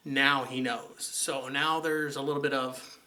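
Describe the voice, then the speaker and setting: A man's voice: medium pitch, little pitch movement, unhurried, sharp tone. A man telling an exasperated, sarcastic story about running into his ex, in a chatty vlog style. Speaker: vlogger. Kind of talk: casual storytelling to camera.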